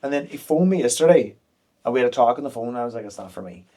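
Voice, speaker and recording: Fast-talking man in his thirties. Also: medium pitch, mellow. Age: 30s. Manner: open and frank, quick with fillers and restarts. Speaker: guest. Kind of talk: candid podcast conversation.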